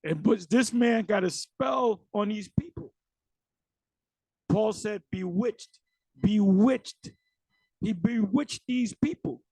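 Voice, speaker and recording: A man giving ranting religious commentary on clips, animated and mocking, with many fillers. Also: sits high, takes it slowly, vocal fry, slightly rough, no echo, poor audio.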